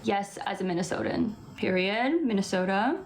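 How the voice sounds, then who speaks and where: A woman's voice: mid-range voice, lively intonation, normal speed, a little hiss or hum. Chatty young West Coast Canadian woman. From Vancouver, Canada. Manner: chatty, laughs often, fills with "like". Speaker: livestream host. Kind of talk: casual livestream chat answering comments.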